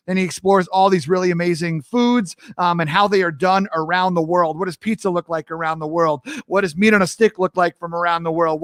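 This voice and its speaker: A young man hosting a livestream talk show from his home mic, energetic and hypey, greeting viewers by name and riffing casually. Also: high-pitched, no echo, studio quality. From New York. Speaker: host.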